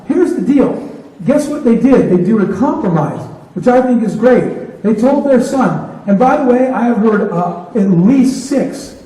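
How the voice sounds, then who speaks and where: A man's voice: extremely high pitch, animated, a little slow, dark tone. A man giving a motivational talk to an audience, retelling conversations as dialogue. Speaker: keynote speaker. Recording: echoey hall from far off.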